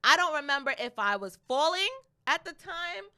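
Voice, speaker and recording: A young adult woman co-hosting a podcast, telling a story in a casual, animated way, with plenty of profanity and laughter. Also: high-pitched, normal speed. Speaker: podcast co-host.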